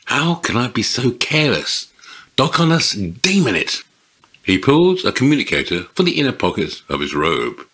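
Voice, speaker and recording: Expressive husky man reading fiction. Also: medium pitch, normal speed. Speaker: reader of a manuscript submission.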